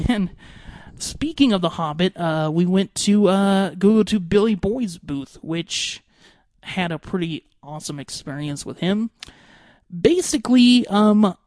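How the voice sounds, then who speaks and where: A young man hosting a podcast, giving an excitable, rambling recap full of fillers. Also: high-pitched, slow pace, dry recording, clean studio sound. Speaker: podcast host.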